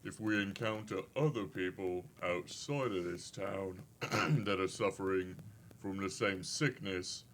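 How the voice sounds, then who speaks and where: A man playing a tabletop game, reasoning through options in a measured in-character party discussion. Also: low-pitched, a bit bright, a little hiss or hum.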